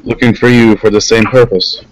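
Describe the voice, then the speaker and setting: A man playing a tabletop game, speaking in character in a measured, deliberate way. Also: on the low side, flat delivery, slight background noise, low-quality recording. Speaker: player.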